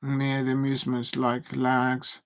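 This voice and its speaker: Excitable man on a match watch-along. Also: mid-range voice, measured pace, no room sound. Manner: excitable, shouting at big moments, chatting with viewers between. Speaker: football watch-along streamer. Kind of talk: live match reaction and chat.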